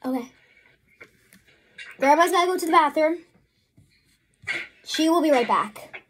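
A vlogger chats casually through a messy home crafting vlog at an indoor work table, flustered and apologetic as things go wrong. Her voice sits high, expressive and a bit bright, and she speaks unhurriedly over slight background noise.

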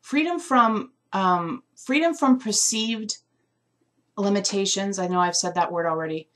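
A woman's voice: medium pitch, a little slow, fairly bright tone. A woman giving a live intuitive reading of an essential oil, musing aloud and searching for words with frequent fillers. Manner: emotional, close to tears.

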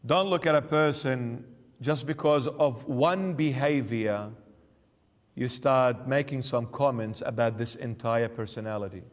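A man's voice: mid-range voice, measured pace, long reverb tail. A man giving a sermon as a bishop, emphatic and full of rhetorical questions. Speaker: bishop preaching. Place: church.

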